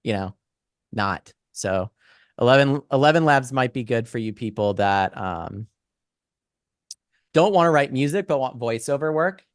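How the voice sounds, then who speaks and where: A man's voice: mid-range voice, lively intonation, measured pace, long pauses, dry recording, studio quality. A young man casually talking through an AI audio tool in a screen-share lesson, chatty and full of "right?" asides. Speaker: instructor demonstrating AI tools.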